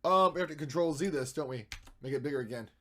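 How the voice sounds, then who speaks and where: A man streaming while he edits photos, chatting and thinking aloud, with playful sound effects and jumps between loud and quiet. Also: mid-range voice, quick pace. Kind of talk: casual live-stream commentary.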